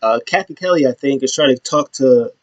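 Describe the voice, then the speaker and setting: A man's voice: medium pitch, brisk, no room sound. A man hosting his own show, giving a casual, rambling recap with many restarts. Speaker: show host.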